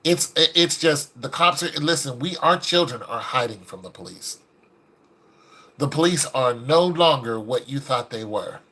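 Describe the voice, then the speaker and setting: His mid-range voice is unhurried as he, a video commentator, gives casual and preachy takes. Animated throughout, he acts out the people whose words he quotes.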